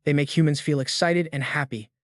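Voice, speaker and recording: A boastful little robot helper speaks in a stiff, lecturing way, a bit high in tone, as a male narrator reads his lines. The recording is dry and close, with no room around it. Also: fairly even intonation, a little fast, no echo, lightly acted. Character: fussy know-it-all male robot helper.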